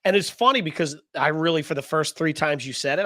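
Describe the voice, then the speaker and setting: A man's voice: a little high, a little fast, bright, forceful tone, no echo. Teasing man with a dry sound. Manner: teasing, wisecracking. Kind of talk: casual podcast banter.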